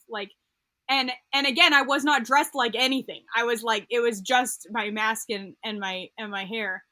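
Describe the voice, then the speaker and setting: A young woman tells her story as a podcast guest, looping back through fillers and restarts. Her voice is bright and a bit high. The recording is dry and close. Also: steady tone, moderate pace, dry recording. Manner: rambling, full of fillers and restarts. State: getting emotional. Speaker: podcast guest, occupational therapist. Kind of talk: casual interview storytelling.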